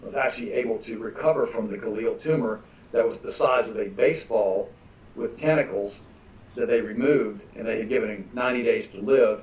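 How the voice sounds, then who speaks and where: A man's voice: lowish voice, moderate pace. An older man, a nutritionist, telling stories emphatically as a guest in a conversational interview. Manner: emphatic, animated anecdote-telling. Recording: distant roomy mic with dull lo-fi sound.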